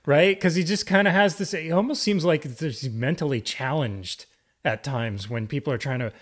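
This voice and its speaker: A man's voice: on the high side, normal speed. Wry joking man in casual chat. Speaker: podcast co-host.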